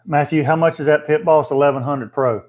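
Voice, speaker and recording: This man's voice is fairly high and steady, fairly quick, and the audio is dull. Hosting a casual live chat, he goes through viewer comments plainly and thinks aloud with fillers.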